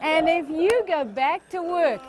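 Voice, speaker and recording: A woman's voice: a little high, expressive, brisk, darkish tone, some chatter behind. A woman leading a motivational workshop, talking to a live audience, playful and acting out voices with gasps. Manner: addresses and directs a live audience. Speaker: workshop trainer.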